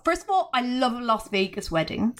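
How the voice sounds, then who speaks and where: A woman's voice: on the high side, big pitch swings, a little fast, a bit bright. Gushing Australian woman hosting a podcast. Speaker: podcast host. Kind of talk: casual chat.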